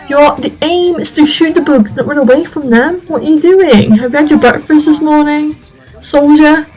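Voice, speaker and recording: A woman's voice: sits high, normal speed, close to an everyday voice, poor audio. Woman doing a barking angry female sergeant. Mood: angry scolding. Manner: barking orders, scolding. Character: stern tough female soldier sergeant, angry.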